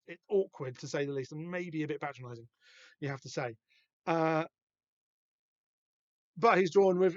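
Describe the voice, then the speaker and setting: A man's voice: a little high, no room sound. Rambling man, dry lo-fi sound. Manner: rambling, halting, full of fillers and restarts. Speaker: podcast host. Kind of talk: casual comic book discussion. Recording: dull, dry lo-fi podcast recording.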